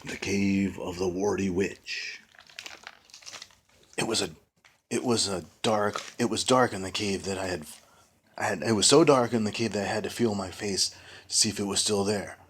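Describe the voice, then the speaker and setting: A man's voice: on the low side, normal speed, long pauses, fairly bright tone, slight background noise. A man reading a children's ghost story aloud, adding playful casual asides. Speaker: reader of a children's book.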